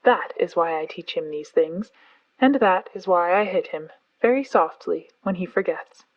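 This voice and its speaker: An old brown bear from a storybook, earnest and fond, lecturing in a low, steady voice. A woman reads him out. The recording is a little dull and lo-fi. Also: moderate pace, dry recording.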